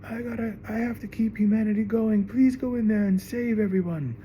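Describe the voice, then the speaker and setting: A man's voice: high-pitched, brisk, muffled recording, slight background noise, voice pushed up, natural voice. A man putting on the voice of a frightened woman pleading at a burning building.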